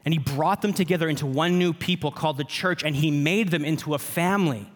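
Earnest pastor preaching in a reverberant hall. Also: male voice, on the high side, fairly quick. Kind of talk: sermon. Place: church sanctuary.

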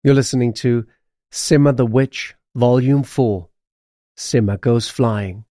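A man reading a children's audiobook aloud in an expressive storytelling manner. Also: medium pitch, slow pace, no echo, clean studio sound. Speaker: audiobook narrator.

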